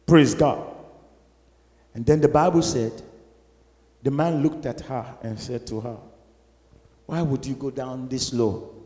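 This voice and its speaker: A man preaching a sermon as a pastor, emphatic and at times shouting. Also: a little high. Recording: echoey hall.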